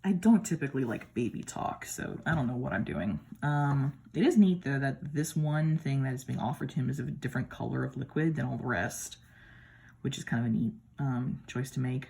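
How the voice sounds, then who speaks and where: Low, gravelly woman from the Midwest. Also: expressive, a little fast, mellow. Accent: American Midwestern. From American Midwest. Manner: chatty, admiring, with playful asides. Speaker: tarot deck reviewer. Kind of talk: casual deck comparison talk. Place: at home.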